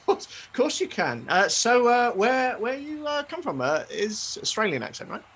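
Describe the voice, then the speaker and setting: A man doing a loud, cheerful young wizard shopkeeper in a tabletop game, pitched high above his own voice and pushed forward. He rattles off brash, playful sales patter like a market showman. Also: big pitch swings, moderate pace, slightly rough, heavily acted. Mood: chatty.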